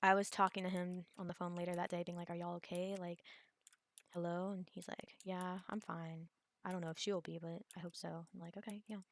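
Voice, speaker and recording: A woman's voice: on the low side, flat delivery, fairly quick. A young woman, telling a personal story in a casual vlog, rambling with many fillers and restarts. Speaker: vlogger.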